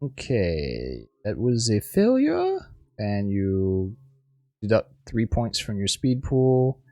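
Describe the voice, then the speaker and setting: A man running a tabletop game as game master, narrating haltingly with frequent restarts and searching for words. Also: lowish voice, wildly swooping pitch, mellow, dry recording, clean studio sound.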